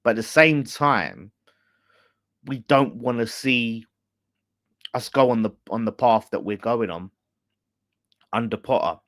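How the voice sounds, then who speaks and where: A man's voice: medium pitch, a little slow, long pauses, a bit bright, no echo, clean studio sound. A man hosting a casual fan live stream, ranting bluntly with swearing and laughter. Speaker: fan channel host.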